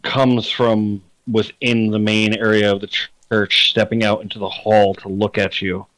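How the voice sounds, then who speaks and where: A man acting as game master, narrating a tabletop game in slow, deliberate descriptions over a voice call. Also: on the low side, flat delivery, fairly bright tone, dry recording, poor audio.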